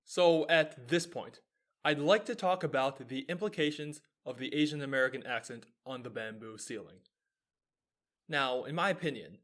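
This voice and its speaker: A young man in his twenties hosts his own show with a scripted explanatory monologue. His voice is medium-pitched and fairly bright, and he speaks earnestly, posing rhetorical questions and then answering them.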